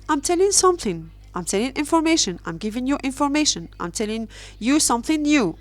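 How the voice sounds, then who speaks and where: Slow, careful woman teaching grammar. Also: fairly high pitch, dry recording. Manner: slow, careful, repeats example sentences. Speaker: English teacher. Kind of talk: recorded grammar lesson.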